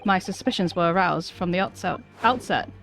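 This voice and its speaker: A woman voicing a sharp, theatrical male detective, reading game dialogue in a grand, deliberate way. Faint music plays behind her. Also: lowish voice, gravelly. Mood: accusing.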